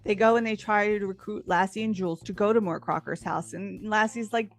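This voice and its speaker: A woman's voice: medium pitch, brisk, soft background music. Woman animatedly retelling a TV episode. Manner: animated storytelling, acting out characters' lines. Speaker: podcast co-host. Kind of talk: casual chat recapping a TV episode.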